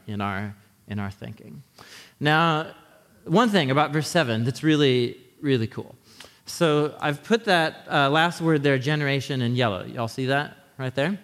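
A man's voice: fairly high pitch, a bit bright, long reverb tail. A man preaching a sermon in a conversational teaching manner, often checking in with his listeners. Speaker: pastor.

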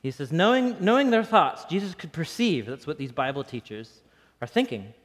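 A man delivers a conversational sermon with a slightly higher than usual voice. He talks loosely and animatedly, laughing between points, and his words ring out with a long reverb tail in a large hall. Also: normal speed. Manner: casual, animated, laughs often. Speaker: pastor.

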